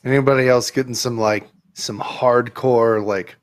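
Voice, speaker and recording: Slow-talking, stammering man player. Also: mid-range voice, steady tone. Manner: stammers, self-deprecating. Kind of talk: casual tabletop play.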